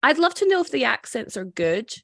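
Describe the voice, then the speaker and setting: A woman's voice: sits high, very animated, brisk, vocal fry, a bit bright, no echo, studio quality. Chatty woman hosting a film chat. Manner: chatty, recounts scenes with quoted voices. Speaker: podcast host. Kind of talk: casual film discussion.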